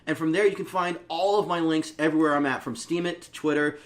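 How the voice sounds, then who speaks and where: A man co-hosting a casual gaming podcast, animated and boisterous, bursting into laughs and yells. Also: a little high, fast. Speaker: podcast co-host.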